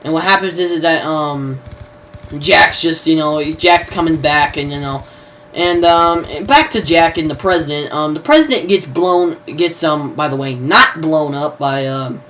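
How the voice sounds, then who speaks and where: A man's voice: a little high, measured pace, bright, forceful tone, a little hiss or hum. A man giving a casual, rambling plot recap, full of fillers and mild cursing. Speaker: video reviewer.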